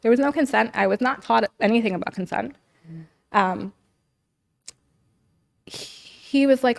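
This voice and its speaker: A woman's voice: on the high side, normal speed, creaky. Earnest woman telling her story. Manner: earnest, full of "like" and "you know". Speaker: podcast guest. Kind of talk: personal storytelling in interview. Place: living in Los Angeles.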